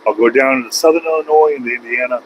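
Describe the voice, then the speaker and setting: Male trucker vlogger, middle pitch, chatty, ranting at traffic, faint road hum behind. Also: quick pace, muffled recording. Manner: chatty, rants at other drivers. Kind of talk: casual driving vlog. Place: truck cab on the highway.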